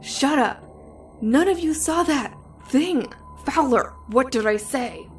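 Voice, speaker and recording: A woman's voice: on the high side, normal speed, distant mic, soft background music, natural voice. A woman voicing a panicked male spaceship commander who barks orders at his crew in a horror story. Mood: shouting orders. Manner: barking, forceful commands.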